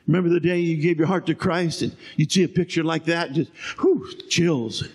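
An older man preaching a sermon, moving between shouted lines and quiet storytelling. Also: fairly high pitch, normal speed, hardly any pauses, slightly rough. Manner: swings from shouting to hushed storytelling. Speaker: pastor.

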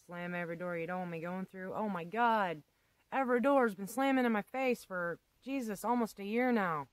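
A woman's voice: mid-range voice, moderate pace, no room sound, poor audio. A woman vlogger ranting casually to camera, blunt and rambling, with casual swearing and emphatic asides. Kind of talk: casual unscripted rant to camera.

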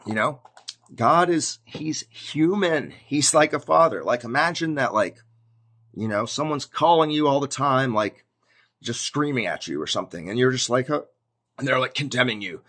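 A man giving a casual, conversational sermon to his viewers, animated and prone to acting out scenes. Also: medium pitch, moderate pace. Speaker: preacher.

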